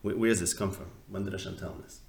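A man's voice: sits low, fairly even intonation, very fast, vocal fry, a little mellow, slight background noise. A man teaching a text study class in a conversational, questioning way, often restarting his sentences. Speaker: Torah teacher. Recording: echoey room.

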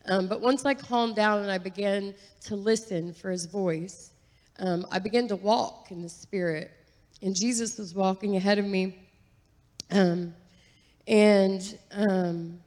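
Earnest woman testifying in a reverberant hall. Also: medium pitch. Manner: earnest, chatty, with fillers and soft laughs. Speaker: guest giving testimony. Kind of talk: personal testimony at church. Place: church sanctuary. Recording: long reverb of a large hall.

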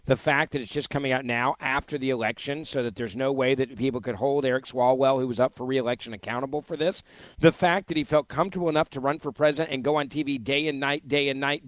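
A man's voice: fairly high pitch, no room sound. Emphatic male commentary host, dry sound. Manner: emphatic, repetitive, rising to loud outbursts. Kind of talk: opinion commentary.

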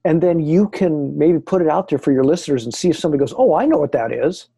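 A man who is a guest on a podcast, telling stories in an animated, excited way. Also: fairly high pitch, fast, gravelly, slightly rough. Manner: excited, lively retelling. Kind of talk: animated storytelling.

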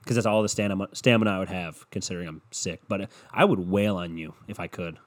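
A man's voice: sits low, fast. A young man hosting a podcast alone, sick and tired, ranting with sarcasm and a lot of swearing as he jumps between topics. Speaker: podcast host. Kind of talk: casual solo podcast rant.

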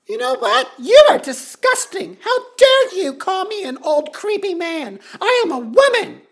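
A performer playing a prim female talk-show host who is secretly an older man, talking slowly and then blowing up into shrieking rage. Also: very high-pitched, fairly bright tone, heavily acted. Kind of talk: comedy sketch acting.

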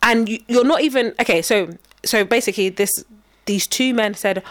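Young woman, slightly high voice, dry close sound, animated chatty co-host. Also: moderate pace, no echo. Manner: animated, mock-outraged, laughs often. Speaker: podcast co-host. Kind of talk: casual chat.

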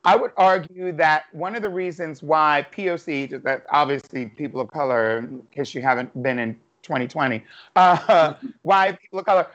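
Playful high-voiced male host, lo-fi. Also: normal speed. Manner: playful, teasing, lively. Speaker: podcast host. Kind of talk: casual chat.

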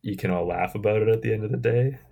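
Brief: man, 30s, podcast co-host, low gravelly voice, relaxed rambling talk with lots of fillers. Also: fast talker. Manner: relaxed, rambling, many fillers like "like" and "you know". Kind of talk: casual chat.

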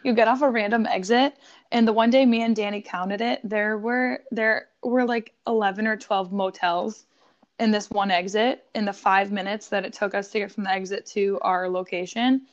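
A woman from Buffalo, New York, telling a story in casual podcast chat, animated and swearing, laughing often. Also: mid-range voice, moderate pace, dull audio.

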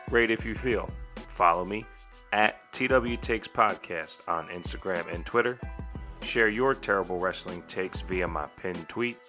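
A man's voice: low-pitched, sharp tone. A man hosting a casual podcast at home, chatting loosely and often trailing off with hesitant asides. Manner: hesitant, trailing off with "I don't know". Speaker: podcast host. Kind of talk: casual chat. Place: home, watching TV while recording.

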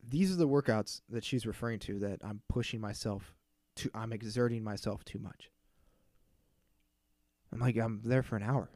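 A man's voice: lowish voice, moderate pace, long pauses, darkish tone, no room sound, clean studio sound. A man in his thirties hosting a casual solo podcast, ranting in an exasperated, profane way and mocking the people he quotes. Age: 30s. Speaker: podcast host.

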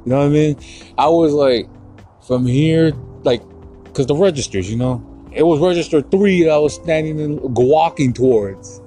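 A man's voice: a little high, normal speed, mellow, faint music behind. A man hosting a podcast, ranting through a heated, profanity-laden story. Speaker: podcast host. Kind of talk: casual podcast rant.

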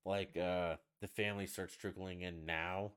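A man's voice: deep voice, level tone, measured pace, fairly bright tone, clear, resonant tone. A man hosting a casual solo podcast from the United States, ranting bluntly and swearing freely. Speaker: podcast host.

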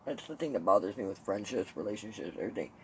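A man hosting a podcast, chatting casually and telling animated stories with swearing, laughter and mimicked voices. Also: on the low side, fast talker, slight background noise, poor audio. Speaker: podcast host. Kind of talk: casual chat.

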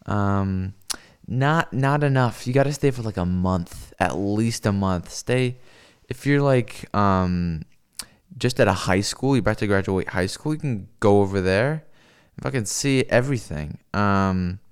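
A man's voice: fairly low pitch, unhurried, clean tone. A young man from the US West Coast, chatting casually and profanely with his stream viewers, rambling with lots of fillers.

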